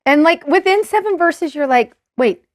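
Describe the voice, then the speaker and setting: Brief: female co-host, bright higher voice, dry close sound, eager and explanatory. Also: a little slow, dry recording. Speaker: co-host of a scripture study show. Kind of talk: casual scripture discussion.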